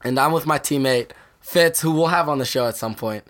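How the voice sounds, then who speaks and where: A young man co-hosting a podcast, telling stories excitedly, laughing often and acting out what others said. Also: medium pitch, fairly quick. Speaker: podcast co-host. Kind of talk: casual chat storytelling.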